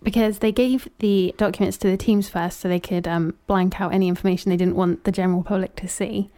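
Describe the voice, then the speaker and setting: A woman's voice: medium pitch, fairly even intonation, brisk, dark tone, dry recording, clean studio sound. A woman hosting a podcast in casual chat, playful and teasing. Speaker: podcast host.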